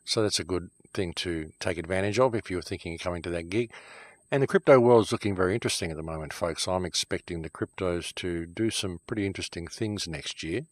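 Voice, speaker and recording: Low-voiced man ranting in a shed. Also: fast talker, no echo. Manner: heated and emphatic, then calmer and wry. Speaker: host. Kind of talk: ranting monologue to camera. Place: backyard shed studio in the countryside.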